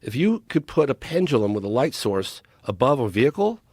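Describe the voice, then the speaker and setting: A male podcast guest talks through a long personal story in a casual, emphatic way, with frequent restarts and repeated words. His voice rises and falls widely in pitch. The recording is dry and close, with no room sound. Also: big pitch swings, a little fast, darkish tone, breathy edge, no room sound. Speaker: podcast guest, documentary filmmaker.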